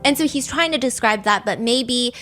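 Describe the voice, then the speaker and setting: A woman podcast host, recapping a dating show in casual chat, talking fast and lively and acting out quotes. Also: fairly high pitch. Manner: fast, animated, acts out quotes.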